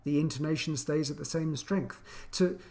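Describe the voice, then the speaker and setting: Man, English teacher, online grammar lesson, slightly high voice, chatty, fillers and restarts. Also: moderate pace. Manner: acts out intonation with animated pitch.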